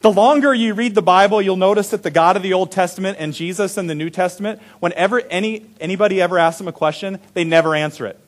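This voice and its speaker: A man preaching a sermon, animated and chuckling, sometimes dropping to soft low tones. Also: fast talker, few pauses. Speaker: pastor.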